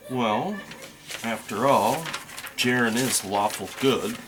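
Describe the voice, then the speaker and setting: A man's voice: mid-range voice, noisy background. A man narrating his solo tabletop role-playing game, thinking aloud as he rolls dice. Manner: slow, thinking aloud while rolling dice.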